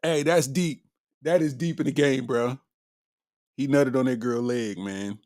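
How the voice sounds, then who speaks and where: A man's voice: medium pitch, a little slow, a little mellow, no room sound, clean studio sound. A man hosting a comedy podcast, riffing casually in heavy slang and laughing constantly between lines. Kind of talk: casual comedic chat reacting to viewer comments.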